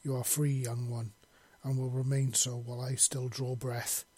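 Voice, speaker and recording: A man voicing a huge male deathclaw creature who speaks slowly and formally, coldly furious at villains yet gentle with the freed captives. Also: mid-range voice, little pitch movement, husky, close to an everyday voice. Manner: slow, solemn, formal speech.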